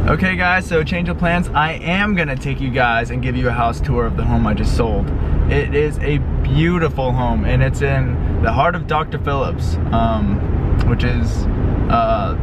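A young man talking casually to his camera as a real estate agent, excited and rambling with restarts. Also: mid-range voice. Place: outdoors and in a car, then inside a house. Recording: noisy outdoor and car ambience. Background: air conditioning and traffic noise.

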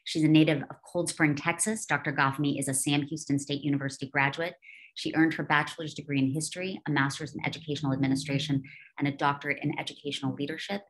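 A woman's voice: sits low, fairly even intonation. A woman emceeing a virtual event, reading a formal introduction of a guest over a video call. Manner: brisk, formal.

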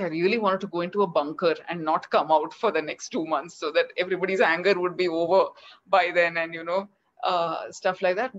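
Indian lady author, middle-aged, lively storytelling over a video call, kinda dull lo-fi sound. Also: on the low side. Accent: Indian English. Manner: animated, acts out quoted dialogue. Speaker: children's author. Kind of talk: interview storytelling. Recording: slightly dull lo-fi audio.

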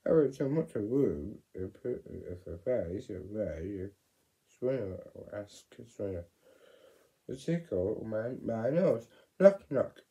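Male storyteller for a kids' book; slow, lively delivery with big pitch swings and a mellow, dark tone. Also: rough recording. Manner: animated, with sudden loud exclamations and whispered asides. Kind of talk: reading a children's story aloud.

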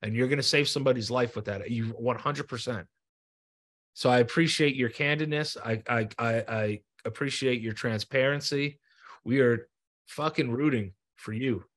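A man with a medium-pitched, slightly bright voice talks at normal speed as he hosts an interview show. In this heartfelt podcast chat, he is earnest and encouraging, repeats himself, and swears freely.

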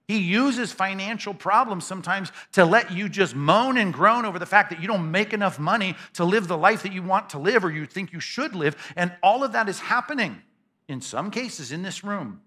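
A man preaching a sermon as pastor to a congregation in a church, emphatic and conversational, often repeating words in quick bursts. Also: high-pitched, sharp tone. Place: church sanctuary before a congregation.

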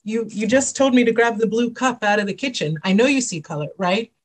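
A woman panelist and consultant speaking in a measured, thoughtful way. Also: a little high. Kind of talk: panel discussion.

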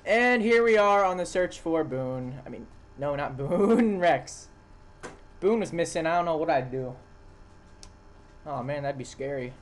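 A man's voice: on the high side, lively intonation, a little slow. A young man casually narrating a recorded video game session, rambling and correcting himself as he goes. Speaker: gameplay narrator. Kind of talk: casual let's-play voice-over. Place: home room with dogs.

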